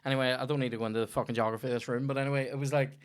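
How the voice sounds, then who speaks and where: A young comedian chats loosely on a podcast. He rambles through his stories and swears freely, with a voice of ordinary middle pitch. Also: steady tone, very fast, smooth. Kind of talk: casual podcast chat.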